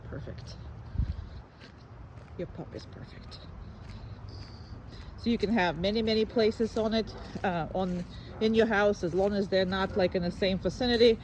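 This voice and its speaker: A woman dog trainer who gushes high sing-song praise at a dog and explains the training to its owner in a relaxed, chatty way with fillers. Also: fairly quick, slight background noise.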